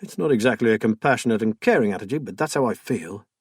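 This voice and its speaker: A weary, blunt detective, as the male narrator plays him, gruff in his delivery. The husky voice is close to the narrator's own. The recording is dry and intimate. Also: lowish voice, expressive, quick pace, dry recording. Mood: frustrated.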